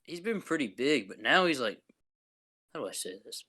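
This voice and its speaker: A man's voice: medium pitch, sing-song, moderate pace, pushed and bright. A young man co-hosting a casual podcast, chatting loosely in laid-back, rambling banter. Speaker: podcast co-host. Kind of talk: casual chat.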